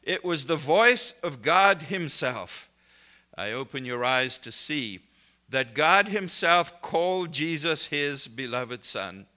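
Guy preaching a sermon, kinda high bright voice, punchy declarative lines. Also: animated, slow. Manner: prays and speaks blessings over listeners. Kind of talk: recorded sermon.

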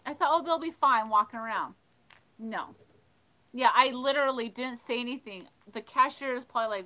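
A woman hosting a livestream, casually telling funny stories and reading chat, animated and laughing. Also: on the high side, normal speed, rough recording. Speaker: livestream host of a thrifting channel. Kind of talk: casual storytelling while reading live chat.

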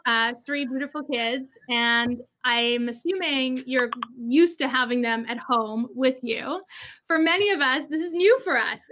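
A woman's voice: high voice, pushed and bright. A woman hosting a livestream interview over a video call, speaking in a casual, chatty way with many fillers. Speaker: host, interviewer.

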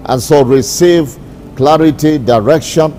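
A bishop preaching a sermon, repeating his declarations slowly and with emphasis. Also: a little high, warm tone, slight background noise. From Kenya.

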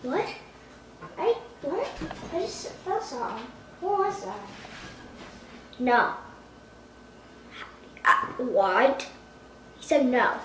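A woman hosts a spoof vlog at home in a playful, mock-dramatic manner. Her high voice swoops widely, and she takes her time over her words. She sits a little back from the mic, and the room around her echoes. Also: very animated, extremely slow, long pauses, recorded from a distance, slight background noise. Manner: mock-dramatic, playful, exaggerated gasps and alarm. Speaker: vlogger. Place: at home indoors.

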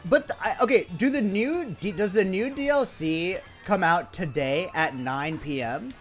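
An excitable young man from India chats with his stream viewers while he plays. His voice sits high and swings widely, jumping from bursts of shouting to mutters. He jokes and swears freely. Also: normal speed, soft background music. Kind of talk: casual livestream chat.

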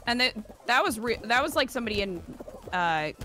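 A young woman with a neutral North American accent telling stories with dry, deadpan humor while playing a game. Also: on the high side, a little fast, a little hiss or hum. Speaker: streamer, co-op player. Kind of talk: casual gaming chat.

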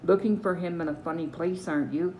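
A woman's voice: low voice, moderate pace, darkish tone, slight background noise, close to an everyday voice, rough recording. A woman reading as a sneering male thief. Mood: sneering threat. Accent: Newfoundland. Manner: growling, sneering. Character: gruff male thief ringleader, menacing.

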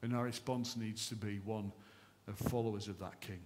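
A man preaching a sermon at a church service, impassioned and emphatic, swinging between raised fervent lines and hushed ones. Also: fairly low pitch, fairly even intonation, moderate pace, slight background noise. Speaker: pastor.

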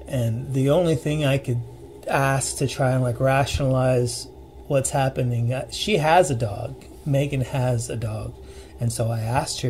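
A man telling a personal ghost story in a casual, earnest way, pausing and restarting as he recalls the details. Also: medium pitch, darkish tone, slight background noise. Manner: earnest, halting retelling with restarts and vivid detail.

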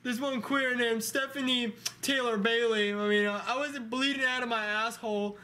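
A woman's voice: fairly high pitch, steady tone, moderate pace, pushed and bright. A woman voicing a bratty, crude young male plush turtle who talks in a smug, teasing way. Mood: boastful.

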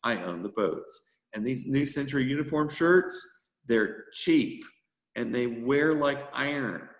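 Man, youth sailing leader, motivational conference talk, brisk, upbeat, echoey room. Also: mid-range voice, lively intonation. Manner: brisk and upbeat, rushing to fit his time. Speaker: sea scout skipper giving a presentation.

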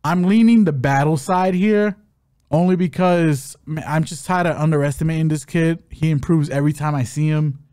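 A man's voice: fairly high pitch, normal speed, clear, resonant tone, dry recording, studio quality. A man co-hosting a fight betting podcast in casual chat, breaking down matchups with joking asides. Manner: animated, joking, hype-announcer asides.

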